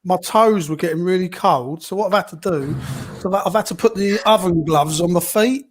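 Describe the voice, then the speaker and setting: A man's voice: high voice, fairly quick. A man co-hosting a football podcast, rambling through predictions with jokes. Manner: rambling, jokey. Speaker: podcast co-host. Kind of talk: casual football chat.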